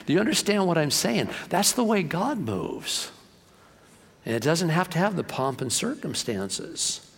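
Male pastor, mid-pitched, animated storyteller preaching in a church with a long reverb. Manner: storytelling, animated, acts out voices. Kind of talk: sermon. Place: church sanctuary.

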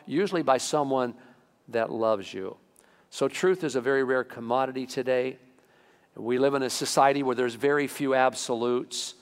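A man preaching a sermon as pastor, animated, rising sharply in pitch to stress his points. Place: church sanctuary. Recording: long reverb of a church hall.

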